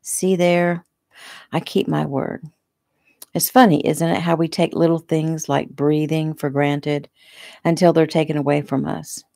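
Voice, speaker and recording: A woman reading the part of a menacing male attacker who speaks calmly and quietly in an audiobook. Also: deep voice, a little slow, vocal fry, no echo, clean studio sound. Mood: cold coaxing. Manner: calm, coaxing, quietly threatening. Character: menacing male attacker, soft-spoken and cold.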